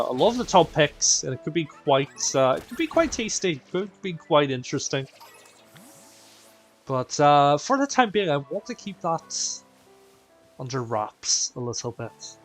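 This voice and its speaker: A man hosting a live stream, chatting playfully with his viewers. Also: on the high side. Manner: animated and playful, addressing chat as "people". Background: faint game music.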